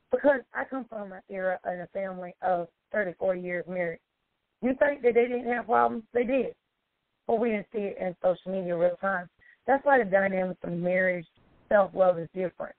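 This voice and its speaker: Through a tinny, phone-like dry recording with no echo, a woman speaks at medium pitch. She's a life coach preaching self-help emphatically and driving her points home through repetition.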